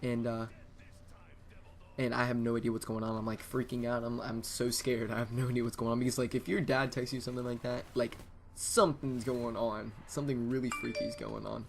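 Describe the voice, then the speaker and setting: Rambling, excitable young man telling a story. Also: mid-range voice, a little fast, vocal fry, slight background noise. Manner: rambling and excitable, with many restarts. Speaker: gaming channel host. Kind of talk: casual storytime monologue. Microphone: USB desktop microphone.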